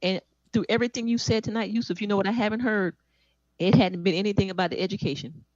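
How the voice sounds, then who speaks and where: A woman's voice: medium pitch, steady tone, fast, a little mellow, dry recording, lo-fi sound. A woman co-hosting a podcast, chiming in with affirming, pointed remarks. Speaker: podcast co-host. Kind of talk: casual podcast conversation.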